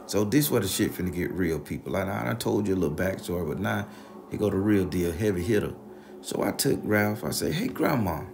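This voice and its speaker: A man telling a story in a casual, animated, profane, slang-heavy way. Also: low voice, a little fast, vocal fry, background noise.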